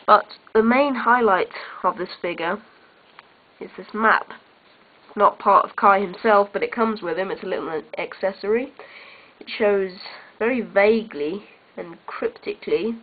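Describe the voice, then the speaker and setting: A woman chats through a toy review in a relaxed, offhand way. Her voice sits at a middle pitch. The sound comes through a tinny, narrow built-in camera mic. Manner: chatty and offhand.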